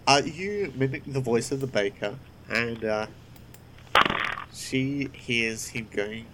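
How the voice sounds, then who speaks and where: A man narrating as game master of a tabletop game, halting, with many fillers. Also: medium pitch, a bit bright, a little hiss or hum, poor audio.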